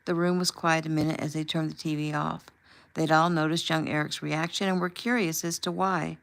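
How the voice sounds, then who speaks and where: A woman reads her own book aloud in a casual way, as if sitting in the room with you. Her voice is low and gravelly, with small slips and restarts left in. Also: flat delivery, moderate pace. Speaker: author reading own book. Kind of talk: casual audiobook reading. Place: home room.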